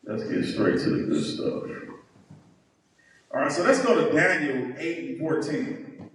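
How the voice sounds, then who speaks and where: A man's voice: a little high, big pitch swings, a little slow, slight background noise. A man teaching a heated Bible lesson, emphatic and mocking, often tagging his points with "right?". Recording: echoey hall, mic far off.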